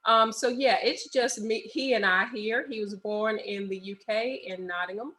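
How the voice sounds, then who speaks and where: A woman's voice: medium pitch, moderate pace, low-quality recording. A middle-aged woman, a guest telling stories with a laugh in a casual interview over a video call. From United States. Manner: animated storyteller, laughs often.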